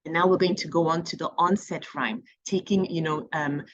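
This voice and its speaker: A woman training reading volunteers, talking through classroom activities in a relaxed, conversational way with plenty of fillers. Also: low voice, moderate pace, no room sound, dull audio. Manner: conversational teaching with fillers and playful classroom examples. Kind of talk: training presentation.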